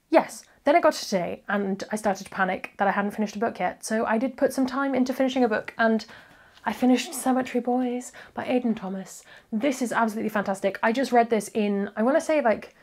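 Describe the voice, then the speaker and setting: A woman reviewing books in a casual, chatty vlog, rambling with quick asides and self-corrections. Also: medium pitch. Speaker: book reviewer.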